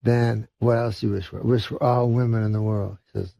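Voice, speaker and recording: A man tells a long joke as a talk-show guest, slow and deadpan, stumbling over "uh"s. His voice sits low and is deeply gravelly. The recording is dull and lo-fi. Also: dry recording. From Canada. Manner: halting deadpan drawl full of "uh". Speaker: guest comedian.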